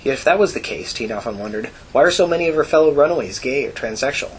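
A man reading a gritty novel aloud in a plain, even storytelling manner. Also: mid-range voice, quick pace, a little hiss or hum, low-quality recording. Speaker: audiobook narrator. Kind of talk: scripted narration.

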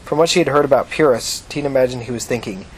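A man narrating an audiobook in a steady, measured reading. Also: medium pitch, slight background noise.

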